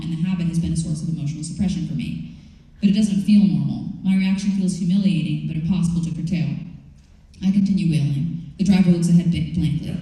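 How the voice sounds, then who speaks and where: Wry woman author in an echoey hall. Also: fairly low pitch. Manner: candid, wry and expressive. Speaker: author at a campus book event. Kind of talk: memoir reading and audience Q&A. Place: large university event hall. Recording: echoey hall, far from the mic.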